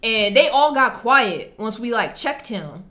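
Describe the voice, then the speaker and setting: A woman's voice: a little high, expressive, measured pace, a bit bright. A young adult woman telling a story and reacting to posts in a casual, slangy and emphatic way. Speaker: vlogger reacting to online posts.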